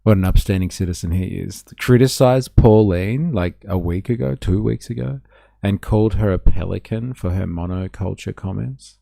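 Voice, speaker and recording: Sarcastic deep gravelly man. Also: normal speed, mellow, no echo, clean studio sound. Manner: sarcastic, swearing, laughing often. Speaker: live stream host. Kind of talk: casual reaction commentary.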